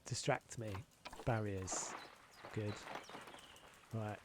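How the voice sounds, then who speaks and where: A man's voice: mid-range voice, very slow, pauses often, noisy background. A man giving casual, self-deprecating commentary as he plays, thinking aloud and muttering to himself. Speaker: gameplay video creator.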